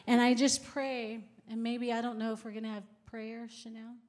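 A woman's voice: on the high side, flat delivery, normal speed. A middle-aged woman giving a sermon to a women's group, switching between emphatic exhortation and chatty storytelling with laughs. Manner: emphatic, rising to near-shouts on exhortations. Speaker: women's ministry speaker.

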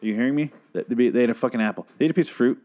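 A man's voice: medium pitch, very fast, a little mellow. Exasperated, profane ranting podcast host man. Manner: exasperated, profane, keeps apologizing. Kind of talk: comedic rant.

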